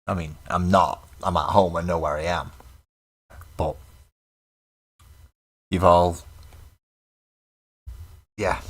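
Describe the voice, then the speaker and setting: A man casually chatting at home on a live stream, reading out viewer comments, joking and laughing at himself. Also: low voice. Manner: chatty, self-mocking, laughs easily. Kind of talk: casual live-stream chat while painting.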